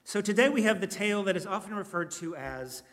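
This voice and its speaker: A man's voice: sits high, expressive, brisk, a bit bright. A man preaching a sermon in a conversational, reflective way, now and then asking his listeners a question. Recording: reverberant hall.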